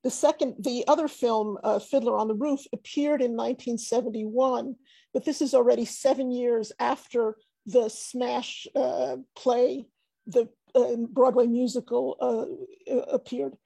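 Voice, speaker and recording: Woman academic speaker, slow, gravelly and husky, hesitant; video call audio, dry. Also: a little high, steady tone, dark tone, dry recording. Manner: hesitant, many fillers and restarts. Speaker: academic panelist. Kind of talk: academic talk over screen share.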